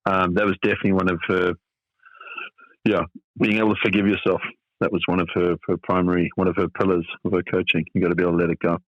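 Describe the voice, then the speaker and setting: A man's voice: deep voice, little pitch movement, fast talker, no room sound, lo-fi sound. A middle-aged man from South Africa, a tennis coach being interviewed on a podcast, talking thoughtfully with many fillers and restarts.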